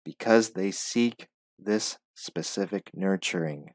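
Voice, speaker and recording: A low-voiced man reads a text aloud in a pronunciation lesson, pausing often to repeat single words slowly and explain their sounds. The sound is close and dry, with no room around it. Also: dry recording. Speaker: English pronunciation teacher.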